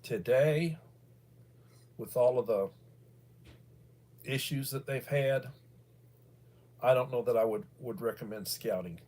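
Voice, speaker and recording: This middle-aged American livestream host has a medium-pitched, slightly mellow voice described as bald. He speaks slowly and pauses often, his casual commentary meandering through many fillers and restarts.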